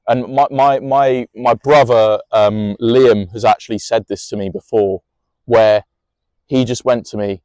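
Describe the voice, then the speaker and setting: A man's voice: medium pitch, fairly even intonation, unhurried, a little mellow, no room sound. A young man tells a personal story in a rambling, emotional way, swearing freely and restarting often.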